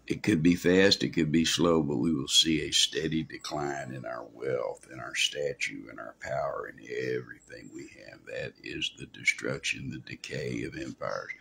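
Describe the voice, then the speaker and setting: Very deep gravelly-voiced male preacher. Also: a bit bright. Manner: folksy, rambling, with asides. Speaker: pastor. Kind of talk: sermon.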